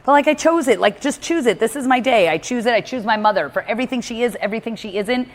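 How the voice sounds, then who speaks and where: A woman's voice: fairly high pitch, lively intonation, fast talker, long reverb tail. A woman giving candid one-on-one advice in a blunt, emphatic way, swearing freely. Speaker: personal growth speaker coaching a listener.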